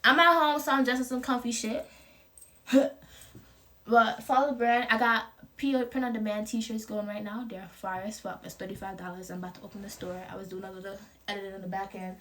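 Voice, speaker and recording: A young vlogger promoting her clothing brand talks to camera at home about confidence, loose, profane and playful, with plenty of slang and frequent laughter. Her medium-pitched voice is bright and forceful, fairly even in intonation, and fairly quick. It's casual motivational talk.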